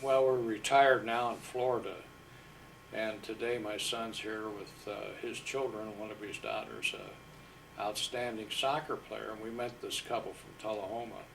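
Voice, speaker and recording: An older man with a fairly low voice recalls his army days, humble and unhurried, with frequent pauses and fillers. He sits a little away from the microphone, and faint background noise is in the recording. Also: fairly even intonation, creaky, recorded from a distance. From Iowa, USA. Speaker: war veteran interviewee. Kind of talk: storytelling interview.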